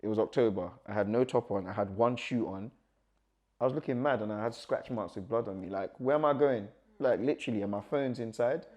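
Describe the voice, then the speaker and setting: Young man, animated storytelling. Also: fairly low pitch, brisk. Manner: animated, acts out quoted dialogue, nervous laughs. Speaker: guest. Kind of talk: personal storytelling.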